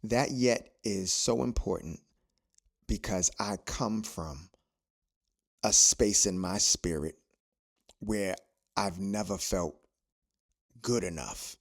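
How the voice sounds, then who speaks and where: Low-voiced man preaching encouragement on a podcast. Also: slow, creaky, long pauses. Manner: preachy, repeats phrases for emphasis. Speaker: podcast host. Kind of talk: motivational podcast monologue.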